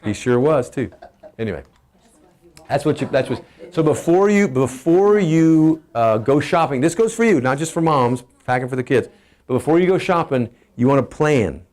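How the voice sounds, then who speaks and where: A man's voice: medium pitch, normal speed. Texan guy, middle-aged, chatty and punchy, talking family health to his patients. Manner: energetic, emphatic, asks the audience questions. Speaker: chiropractor giving family health talk. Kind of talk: casual health talk to patients.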